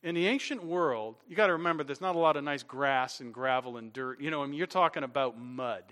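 A man preaching a sermon from a church stage, animated, often repeating words as he builds a point. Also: medium pitch, a little fast, smooth. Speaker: pastor.

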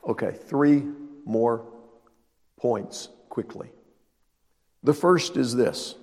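A man's voice: medium pitch, very slow, long pauses, a little mellow, in a large hall. A male pastor preaching a sermon, emphatic and repeating his key lines.

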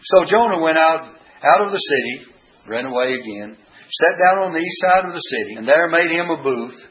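A man's voice: a little high, animated, moderate pace, fairly bright tone, slightly rough. A man preaching a folksy sermon, retelling scripture in a storytelling way. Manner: folksy storytelling with frequent uh fillers. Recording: dull lo-fi recording.

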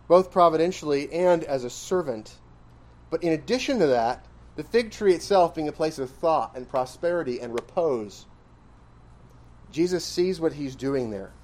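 With a fairly high, darkish voice, a man preaches an expository sermon as a pastor. He keeps a conversational manner, putting questions to his listeners and pushing his points with emphatic rises.

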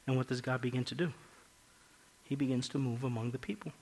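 A man preaching a sermon, emphatic, repeating phrases and swinging between hushed and loud passages. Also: mid-range voice, fast, low-quality recording.

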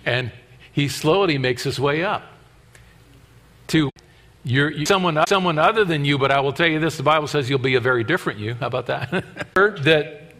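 A man preaching a sermon in an animated way, acting out the voices of the people in the passage. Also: on the high side. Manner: animated, acts out scripture voices. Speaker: pastor.

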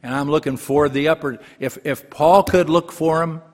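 A man's voice: a little high, steady tone, moderate pace. Older man preaching in a reverberant hall. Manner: rambling, humorous, restarts often. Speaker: pastor. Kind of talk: folksy sermon.

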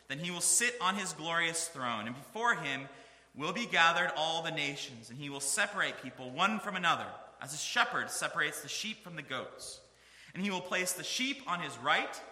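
A man's voice: mid-range voice, animated, normal speed, pushed and bright, echoey room, in a large hall. A man preaching a sermon, reading scripture aloud with earnest, rising emphasis.

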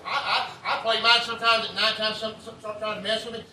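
A man's voice: sits high, flat delivery, fast, pushed and bright, echoey room, recorded from a distance, a little hiss or hum, rough recording. A man preaching a revival sermon in a folksy, repetitive way, leading the crowd to say lines back to him. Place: revival tent.

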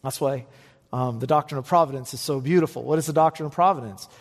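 A male pastor delivering a sermon, swinging between emphatic raised peaks and quiet, low passages. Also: fast, big-room sound. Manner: animated preaching, rising to emphatic peaks and dropping low.

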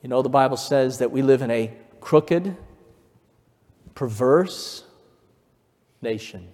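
A man's voice: mid-range voice, moderate pace. Fervent preaching man in a reverberant hall. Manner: building from quiet to fervent emphasis, storytelling. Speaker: pastor. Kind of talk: sermon. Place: church sanctuary. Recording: long reverb of a church hall.

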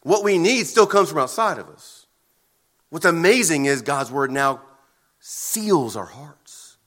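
A man preaching a sermon as pastor, earnest and emphatic, with deliberate pauses between phrases. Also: a little high, expressive, a bit bright.

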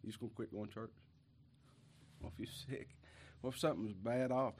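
A man preaching a folksy sermon in a voice of middle pitch. He is sick with a cough and short of breath. He drifts from low, quiet asides to loud, emphatic preaching. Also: expressive, fairly quick, long pauses. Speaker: pastor.

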